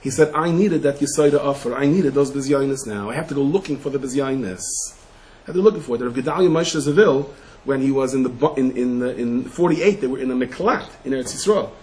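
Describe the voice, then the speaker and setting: A man, a rabbi, giving a Torah lecture full of stories, mixing Hebrew and Yiddish terms into English, dropping to hushed asides and rising to shouted emphasis. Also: medium pitch, quick pace, low-quality recording.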